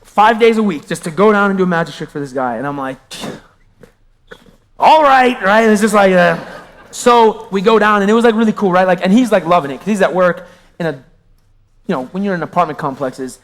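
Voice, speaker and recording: High-voiced man telling his story in a big hall. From Pennsylvania. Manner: animated storyteller, quick shifts between hushed and exclaiming. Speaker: magician sharing his testimony. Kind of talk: testimony talk to a live audience.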